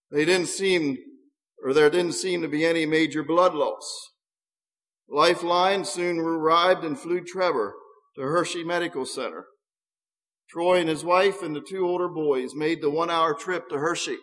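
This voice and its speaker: A man's voice: fairly high pitch, a bit bright. Earnest man reading a story. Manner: earnest, with small stumbles. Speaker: narrator. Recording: long hall reverb.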